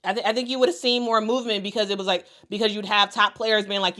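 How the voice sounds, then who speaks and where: A woman's voice: mid-range voice, quick pace, few pauses, bright, forceful tone. Emphatic woman basketball commentator. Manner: emphatic, repeats herself for stress. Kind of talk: casual commentary reading viewer comments.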